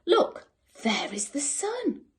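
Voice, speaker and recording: A woman's voice: high-pitched, very animated, takes it slowly, pitched above the performer's own voice, heavily acted. Woman doing a clever, cheerful young boy. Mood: playful.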